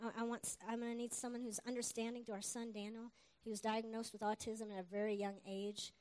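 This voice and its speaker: A middle-aged woman preacher giving an earnest, animated sermon testimony. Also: on the high side. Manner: earnest, animated, with quick asides and laughs.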